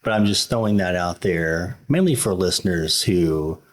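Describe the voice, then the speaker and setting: A man's voice: low voice, moderate pace. A man, a therapist guesting on a podcast, speaking in a thoughtful, reassuring way. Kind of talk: casual podcast conversation.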